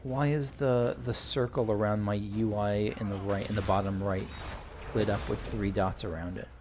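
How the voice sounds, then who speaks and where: A man's voice: fairly low pitch, fairly even intonation, moderate pace, background noise. A man rambling through casual gameplay commentary for a let's play, chatty and swearing when frustrated.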